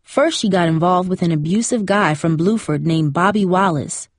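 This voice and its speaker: A woman narrates a novel in a steady, measured way. Her voice sits fairly low, and the recording is dry and close, with no room sound around it. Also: no echo. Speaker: audiobook narrator. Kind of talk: scripted narration.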